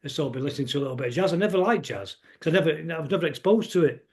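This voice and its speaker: A middle-aged man with a Manchester accent chats as a guest on a podcast. He speaks quickly in a slightly high voice, wandering from story to story and often stopping to restart a thought. His talk is loose and conversational. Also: lively intonation, darkish tone. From England. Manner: rambling, anecdotal, restarts often. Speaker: guest musician. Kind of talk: casual conversation.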